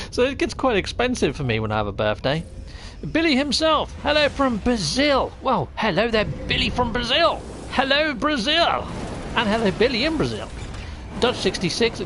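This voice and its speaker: A man's voice: a little high, gravelly, a bit bright. A man hosting a live game stream, greeting chat viewers with jovial, theatrical flair and chatty asides. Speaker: gaming livestream host. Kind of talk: live gameplay commentary and chat shout-outs.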